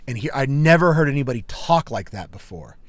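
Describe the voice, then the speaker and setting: A man's voice: mid-range voice, animated, a little fast, no room sound. A man co-hosting a podcast, telling a personal story in casual chat, emphatic and peppered with "like" and "dude". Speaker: podcast co-host.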